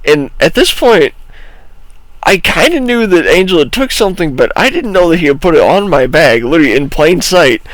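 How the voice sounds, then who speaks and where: Young man telling animated stories. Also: fairly high pitch, normal speed, no echo, low-quality recording. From Illinois, USA. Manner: rambling, animated storytelling with laughs and profanity. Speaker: podcast co-host. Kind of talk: casual podcast storytelling.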